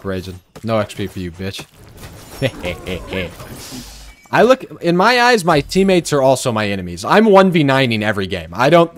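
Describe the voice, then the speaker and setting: A young man giving casual, sarcastic gameplay commentary, joking and trash-talking his teammates. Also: medium pitch. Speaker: gaming streamer.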